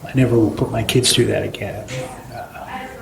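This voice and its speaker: A middle-aged man, a former student now on staff, giving a halting personal testimony with many fillers. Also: fairly low pitch, wildly swooping pitch, crowd noise. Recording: echoey room with clear background noise.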